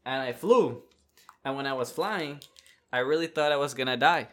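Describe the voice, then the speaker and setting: A man hosting a podcast who tells a personal story in a casual, animated way and laughs often as he talks. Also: mid-range voice, normal speed. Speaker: podcast host.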